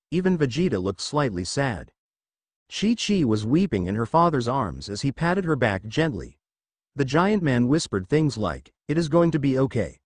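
Animated male story narrator. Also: mid-range voice, no echo, clean studio sound.

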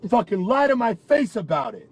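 High-voiced man ranting in anger. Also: sing-song, fairly quick, slightly rough. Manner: angry, profane, ranting and accusing. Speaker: partner in a private argument. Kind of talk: heated private argument.

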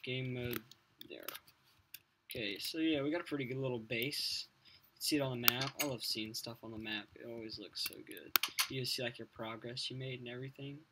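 A man's voice: medium pitch, steady tone, brisk. A man giving casual, crude, profanity-laden commentary while playing a video game at his computer. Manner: crude, profane, rambling self-talk. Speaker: let's play host. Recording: loud background noise with keyboard clicks.

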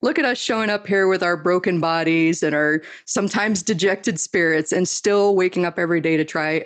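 A woman hosting a podcast interview, speaking in an emphatic, fired-up motivational way. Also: lowish voice. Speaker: podcast host. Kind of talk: casual interview chat.

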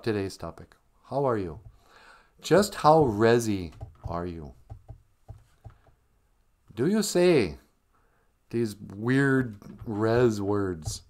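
Playful man hosting a live stream. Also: fairly low pitch. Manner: playful, joking asides. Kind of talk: casual joking chat.

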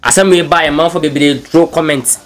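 Man, Ghanaian accent, news blog host, casual code-switching chat, slightly high voice, faint music behind. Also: steady tone, fast. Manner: chatty, switches freely between languages. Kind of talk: casual commentary mixing English and Twi.

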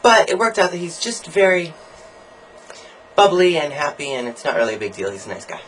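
A young man recording a casual video diary, ranting about college in a campy, sarcastic and profane way, swinging his pitch and volume up and down as he jokes. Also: fairly quick, a bit bright, a little hiss or hum, rough recording. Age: young adult. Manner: sarcastic, jokey asides. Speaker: college student vlogger.

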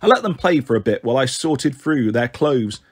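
A man narrating a children's novel in a steady first-person reading. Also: mid-range voice, normal speed, husky. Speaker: storyteller.

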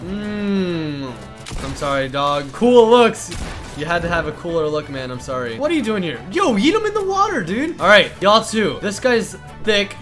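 A man hosting an in-game fashion show for a gaming channel, excitable and teasing, often breaking into playful shouts. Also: sits high, moderate pace, faint music behind.

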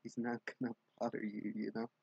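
Young guy rambling at 4am, husky gravelly voice, dry room, kinda sweary. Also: medium pitch, monotone, a little fast, a little mellow, no room sound, lo-fi sound. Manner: rambling storytelling with frequent likes and swearing. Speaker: vlogger. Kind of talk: casual late-night vlog. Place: dark room at home.

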